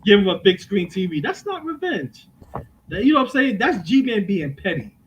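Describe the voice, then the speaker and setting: Man, middle-aged, slightly high voice, animated storyteller, swears a lot, noisy home headset. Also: a little fast. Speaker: podcast co-host. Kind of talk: casual chat. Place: home, indoors. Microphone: cheap headphones with mic.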